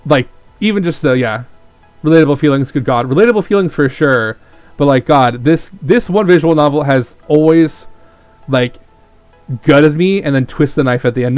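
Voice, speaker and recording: A man's voice: medium pitch, clean tone, dry recording. A man streaming a visual novel, reading it aloud and reacting with emotional, profane commentary. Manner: emotional, swears freely.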